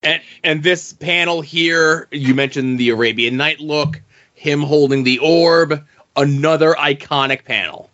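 Bright-voiced man chiming in on comics. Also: fairly high pitch, unhurried, highs cut off. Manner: short agreeing interjections. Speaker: podcast co-host. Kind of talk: casual comic book chat.

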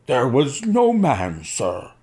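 A frightened servant denies everything in a strained, high, pleading voice that climbs well above a low gravelly base, as a man reads him in a storybook. The voice jumps about with nerves. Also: big pitch swings, normal speed, dark tone, full character voice. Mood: stubborn. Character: frightened male college servant, stubborn.

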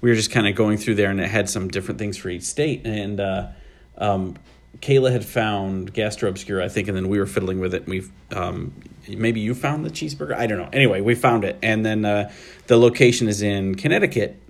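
A man co-hosting a podcast, chatting casually in a halting, rambling way with many restarts. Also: fairly low pitch, creaky. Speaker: podcast co-host. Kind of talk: casual chat.

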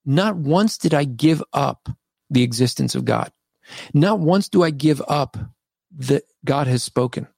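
A man guest on a podcast interview, a street evangelist telling stories of his debates in an animated, argumentative way. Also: a little high, unhurried, creaky, no echo. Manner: animated, argumentative, recounts debates by acting out both sides. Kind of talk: conversational storytelling in a podcast interview.

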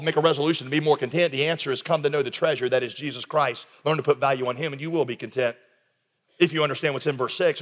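A man preaching as a pastor, emphatic and conversational, swinging between quiet intensity and raised urgency. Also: on the high side. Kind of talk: recorded sermon. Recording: long reverb of a large hall.

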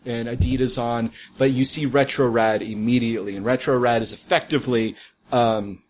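A male game master describes the scene for his players in a rambling, halting way, full of ums and restarts. His voice sits in a middle register, and there is a faint hiss under the recording. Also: medium pitch, steady tone. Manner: rambling, halting, many fillers. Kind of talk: narrating a tabletop game.

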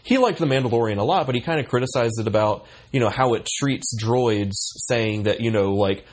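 A man's voice: medium pitch, fairly quick, darkish tone. A man co-hosting a podcast in casual chat, rambling with many fillers and restarts. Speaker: podcast co-host.

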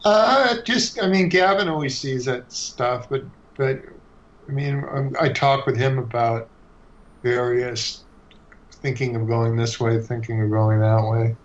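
Laid-back guy talking about his comic, keeps restarting, kinda muffled lo-fi sound. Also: mid-range voice. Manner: relaxed, halting, many restarts and fillers. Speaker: comic book creator. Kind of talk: casual podcast chat. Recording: dull lo-fi sound.

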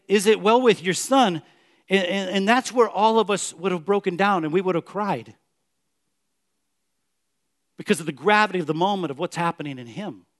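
A male pastor preaching a sermon in church, swinging from loud emphatic declarations to hushed, soft questions. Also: fairly high pitch.

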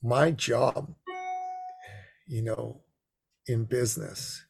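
A middle-aged man telling an expressive, animated story as a podcast guest. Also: drawn-out words, creaky, breathy edge, faint music behind. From Persian heritage. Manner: expressive, swings to high excited pitch in quotes. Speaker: podcast guest, business coach.

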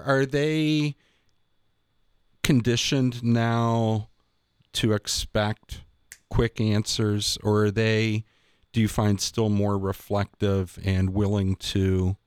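Slow, low-voiced host asking questions. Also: male voice, clear, resonant tone, no echo, clean studio sound. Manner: halting, searching for words in questions. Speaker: podcast host, school principal. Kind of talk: interviewing guests.

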